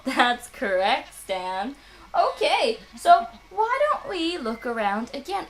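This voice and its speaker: A woman's voice: high voice, sing-song, slow, slight background noise. A woman teaching English to children, patient and encouraging, with playful animal sounds. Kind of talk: children's ESL lesson.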